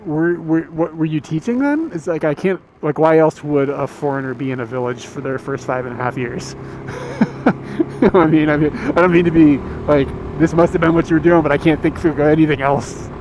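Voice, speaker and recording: A man's voice: fairly high pitch, fairly quick, few pauses, background noise. An American man in his thirties, hosting a livestream from a moving car, chatting casually with his viewers in a rambling, laid-back way. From United States. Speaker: livestream host. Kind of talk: casual chat with stream viewers. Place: inside a moving car on a road.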